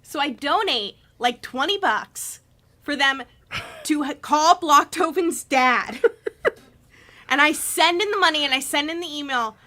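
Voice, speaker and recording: A woman telling an anecdote in casual podcast chat, dramatic and animated, often bursting into laughter. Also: sits high, unhurried. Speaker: guest performer.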